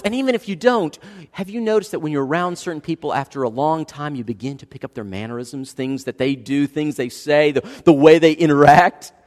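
A male pastor in his thirties giving a dynamic sermon, swinging between hushed and loud passages. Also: fairly high pitch, brisk, hardly any pauses. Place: church sanctuary. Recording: long reverb of a church hall.

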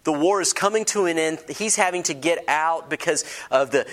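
A man delivering a sermon in a somewhat higher-than-usual voice. He moves from dramatic, hushed moments to lively, humorous storytelling and often asks his congregation questions. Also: moderate pace. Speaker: pastor.

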